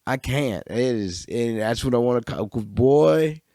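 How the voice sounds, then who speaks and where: A young adult man hosting a podcast alone, talking in a rambling, profane way with sudden animated outbursts. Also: mid-range voice, measured pace, dry recording, clean studio sound. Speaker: podcast host. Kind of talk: casual solo monologue. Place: room by a bookshelf.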